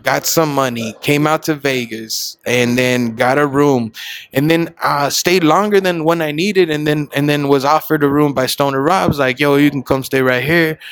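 Man, comedian, fairly high voice, animated storyteller, swears, casual chat. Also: moderate pace, dry recording. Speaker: stand-up comedian guest.

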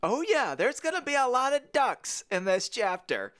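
A high-pitched man with a St. chats and jokes with a lively, swooping delivery. His tone is bright and smooth, and he talks at an easy, unhurried pace. He is playful and keeps slipping into silly voices. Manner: playful, slips into goofy voices and mock accents. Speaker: podcast co-host. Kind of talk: casual comedic chat reading a book.

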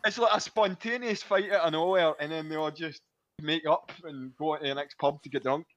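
A man's voice: fairly high pitch, fairly even intonation, brisk, fairly bright tone, dry recording, muffled recording. Rambling man telling stories. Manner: rambling storyteller, chuckles often. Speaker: podcast co-host. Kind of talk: casual chat.

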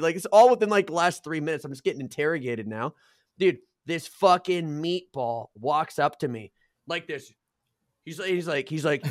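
A man in his twenties telling a wild party story on a casual podcast, profane and animated, getting loud at the punchlines. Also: on the high side, fairly quick, no room sound, studio quality.

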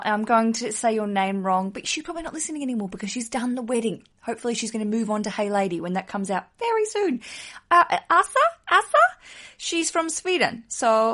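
A woman hosting a casual solo podcast, chatty and giggly, with a self-deprecating humor. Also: a little high. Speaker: podcast host.

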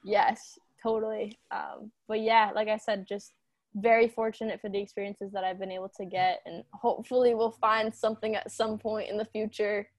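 A woman in her twenties chatting casually on a podcast, telling animated stories with lots of "like". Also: mid-range voice, moderate pace, no room sound. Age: 20s. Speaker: sports journalism intern.

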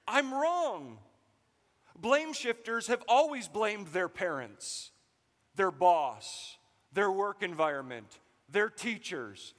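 A man preaching a sermon as pastor, animated and joking as he tells stories to the congregation. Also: high voice, long reverb tail.

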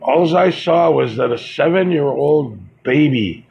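A man delivering a heated, profane monologue, halting and restarting as he works himself up. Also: on the high side, animated, creaky, a little mellow, slight background noise. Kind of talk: monologue commentary. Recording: dull lo-fi recording.

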